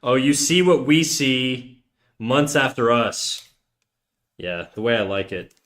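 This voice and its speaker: A man's voice: medium pitch, animated, takes it slowly, a bit bright. A young man streaming while drawing, chatting with viewers in a joking, ranting way with lots of swearing. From United States. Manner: ranting, joking, heavy swearing, mock outrage.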